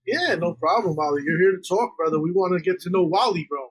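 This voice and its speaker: Man, podcast host, high pitch, raspy, laid-back, casual chat. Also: quick pace, low-quality recording. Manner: laid-back, calls the guest brother and bro.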